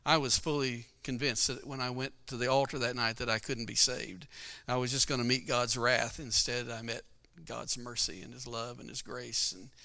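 A man's voice: mid-range voice, little pitch movement, moderate pace, hardly any pauses, sharp tone. A middle-aged male pastor giving a folksy testimony sermon, telling his story with frequent laughs.

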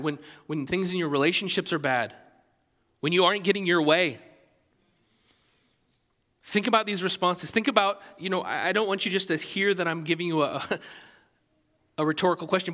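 A man preaching a sermon as pastor, animated and conversational, with many restarts. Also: high voice, long reverb tail.

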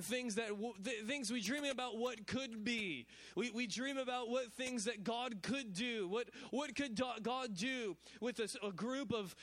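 A man pastor preaching a sermon, repeating phrases, stumbling over restarts and calling on the congregation to respond. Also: extremely high pitch. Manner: repetitive preaching with stammered restarts and call-and-response; animated, builds to shouted exclamations.

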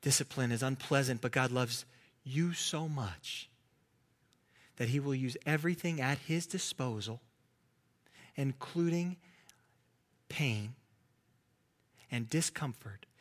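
A man preaching a sermon as pastor, earnest, at times dropping to a soft hush. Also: medium pitch, a little slow, long pauses.

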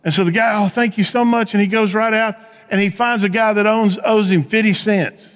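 Guy pastor preaching, kinda high voice, chatty storyteller, long hall echo. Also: moderate pace. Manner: conversational storytelling preacher, swings from animated to hushed. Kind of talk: sermon.

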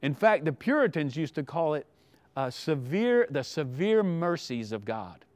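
A male pastor delivers a sermon in a high, lively voice that rises and falls. He drops to near-hushed asides, then pushes hard on his key points. The sound is dry and close. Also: a little slow, no room sound. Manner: animated preaching, shifting between hushed and emphatic.

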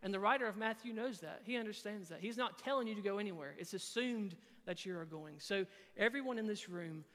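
A man's voice: sits high, brisk, hardly any pauses, fairly bright tone, big-room sound. A man preaching an earnest sermon to students in a church, quoting scripture with frequent fillers. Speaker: youth pastor. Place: church sanctuary.

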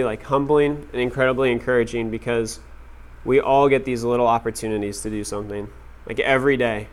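Male teacher, thirties, relaxed storyteller, filler-heavy casual delivery, resonant clear tone, mid pitch. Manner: casual, many "like" fillers, laughing at own stories. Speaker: class teacher. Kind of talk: storytelling talk to a class.

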